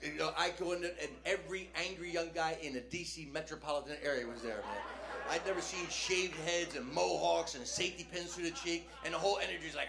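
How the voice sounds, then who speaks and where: A man's voice: fairly high pitch, gravelly, reverberant, noisy background. Older man telling stand-up stories on stage. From New Jersey. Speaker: stand-up comedian. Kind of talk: stand-up storytelling. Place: comedy club stage. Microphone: handheld stage mic. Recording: live club recording, faint crowd ambience.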